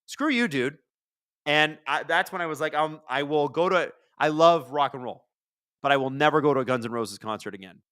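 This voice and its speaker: A chatty livestream host wanders through anecdotes during a hockey watchalong, then jumps into excited play-by-play calls. He speaks briskly in a fairly high, clear voice that's bright, forceful, and resonant, captured close-up in a dry recording without room sound.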